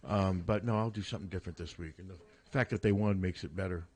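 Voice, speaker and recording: A man with a somewhat low voice hosts a relaxed sports radio show from the studio. He chats freely, laughs easily and often breaks off to restart his sentences. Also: fast talker, slightly rough. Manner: chatty, prone to laughing, many restarts. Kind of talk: casual sports radio chat.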